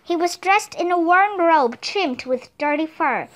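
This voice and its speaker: A woman's voice: very high-pitched, unhurried. A woman reading a children's chapter book aloud, narrating expressively. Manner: expressive, animated storytelling. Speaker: reader. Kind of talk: audiobook narration.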